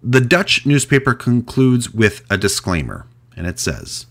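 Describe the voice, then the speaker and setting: A man hosting a podcast, telling a mystery story in a casual, chatty way with animated delivery and frequent restarts. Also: medium pitch, a little slow. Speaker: podcast host.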